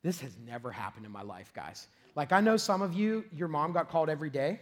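A middle-aged man, preaching a sermon as pastor, telling a lively, self-deprecating story with frequent laughs and shouted peaks. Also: fairly high pitch, fairly quick.

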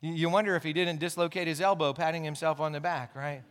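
A man's voice: a little high, fairly even intonation, fast talker, a bit bright. A man pastor preaching a sermon in an earnest, explaining way, with asides and restarts.

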